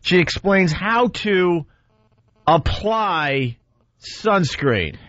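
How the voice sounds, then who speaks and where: A man's voice: high-pitched, expressive, very slow, a bit bright, no room sound. A man hosting a radio show, mocking callers and introducing clips in casual banter. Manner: mocking, runs the segment. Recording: dry, dull lo-fi radio broadcast.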